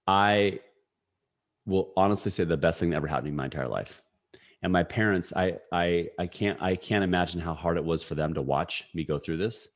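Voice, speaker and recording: Low-voiced man in his forties. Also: a little fast. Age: 40s. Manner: energetic, story-driven talk with frequent fillers. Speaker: podcast guest. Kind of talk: casual storytelling.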